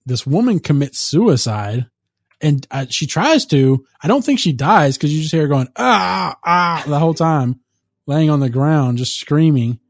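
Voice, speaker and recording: A man casually recapping a movie on a podcast, animated and profane, often laughing through the story. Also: a little high, normal speed, no room sound, clean studio sound. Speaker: podcast co-host.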